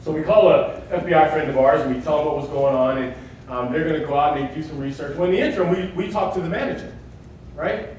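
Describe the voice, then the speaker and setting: A man's voice: on the high side, fast talker, a little mellow, slight background noise. A man giving a live security workshop, emphatic and often asking his audience questions. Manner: emphatic, keeps checking in with "right?". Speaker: workshop speaker on workplace security. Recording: echoey hall, mic far off.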